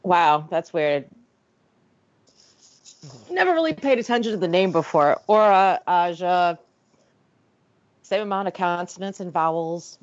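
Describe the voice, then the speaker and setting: Lively, sarcastic woman. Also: lowish voice, measured pace, long pauses. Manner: exasperated, sarcastic, nerdy. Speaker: podcast co-host. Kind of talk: casual movie commentary chat. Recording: slightly dull lo-fi audio.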